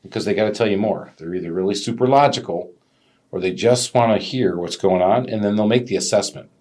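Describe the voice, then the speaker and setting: A man co-hosting a casual business podcast, an animated storyteller who acts out customers' voices. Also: lowish voice, a little fast. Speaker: podcast co-host, business owner.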